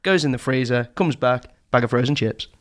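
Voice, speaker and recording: A man's voice: medium pitch, a little fast. A young man from northern England telling a comic story on a podcast, laughing often and acting out the people in it. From St Helens, England. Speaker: podcast co-host. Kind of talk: casual comedic storytelling.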